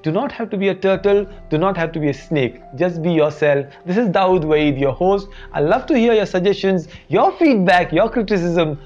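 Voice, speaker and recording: A man's voice: high-pitched, lively intonation, normal speed, few pauses, a little mellow. A man hosting a motivational teaching talk about feedback. He speaks expressively and repeats his key points. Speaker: host and teacher trainer. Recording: dull lo-fi recording with faint music.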